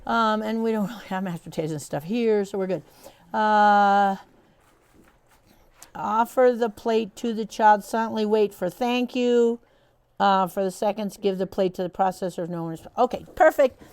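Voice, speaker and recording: A woman's voice: mid-range voice, moderate pace, a little mellow, clean tone, dry recording. A woman trainer leading a staff training session, talking in a casual, encouraging way with frequent fillers. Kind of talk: instructional talk to a staff team.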